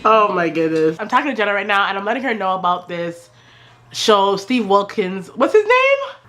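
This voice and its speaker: Bright-voiced chatty woman vlogger. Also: mid-range voice, normal speed. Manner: chatty, animated retelling. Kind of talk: storytime vlog.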